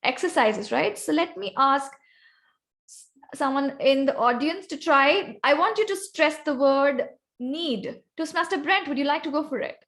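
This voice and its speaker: A woman's voice: sits high, lively intonation, unhurried, a bit bright. A woman giving an instructive presentation on voice technique over a video call, calling on members by name. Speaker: guest speaker presenting on vocal variety. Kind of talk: online club meeting presentation.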